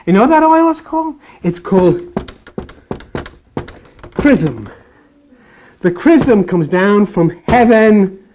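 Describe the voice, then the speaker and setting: Preacher, impassioned sermon, blunt, earthy slang, repetitive, mid-pitched voice. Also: very animated, takes it slowly, pauses often, a little mellow, a little hiss or hum.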